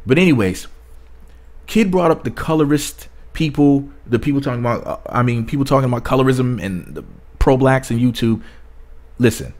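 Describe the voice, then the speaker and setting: A man's voice: mid-range voice, a little mellow. A man talking bluntly to camera in a casual commentary vlog, rambling with many restarts. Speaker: YouTube commentator.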